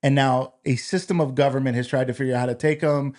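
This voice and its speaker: A man's voice: mid-range voice, fairly even intonation, quick pace, darkish tone. A man hosting a conversational interview, affirming his guest with frequent encouraging interjections. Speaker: host.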